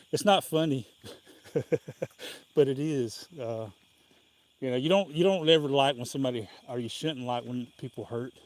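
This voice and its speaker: A man's voice: mid-range voice, measured pace, long pauses. A man with a Southern US accent, hosting a casual live stream outdoors on a walk and telling rambling, folksy stories with frequent chuckles.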